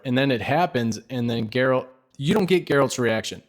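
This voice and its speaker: A man with a mid-pitched voice talks on a casual book podcast. He thoughtfully argues for his own reading of a character's choices. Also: lively intonation, a little fast. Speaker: podcast co-host.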